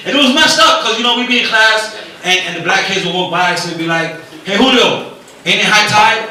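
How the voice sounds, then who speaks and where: Bright-voiced man doing stand-up. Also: sits high, fast talker, a little hiss or hum. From New York City, Dominican family. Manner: loose, profane storytelling with asides to the crowd. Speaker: stand-up comedian. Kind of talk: stand-up comedy. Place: comedy club stage, indoors. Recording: echoey club, mic from a distance.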